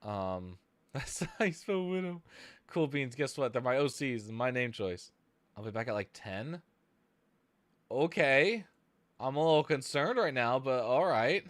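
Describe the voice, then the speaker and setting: A man on a casual live stream, talking to himself and his chat while he builds a track. His voice is bright and bouncy, jumping around a lot in pitch, with halting restarts that break into excited bursts. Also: no echo. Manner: thinks aloud, hesitant restarts, sudden excited outbursts. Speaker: streamer making music.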